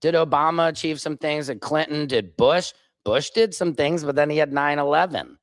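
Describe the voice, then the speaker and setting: Ranting about politics on his livestream, a man from the United States swears heavily and answers viewers' comments aloud as they arrive. His voice is a little high and moderately paced, and the recording is dry.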